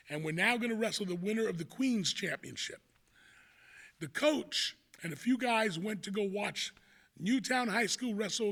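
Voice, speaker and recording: A man's voice: sits high, gravelly, fairly bright tone. A man in his sixties with a New York accent tells an old school story in a casual, rambling way, with lots of "you know" asides. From New York City, the Bronx.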